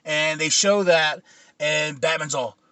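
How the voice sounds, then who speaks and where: A man's voice: on the high side, slow pace, sharp tone, clean tone, no room sound. A man co-hosting a casual pop-culture chat, an enthusiastic fan who laughs easily. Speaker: podcast co-host.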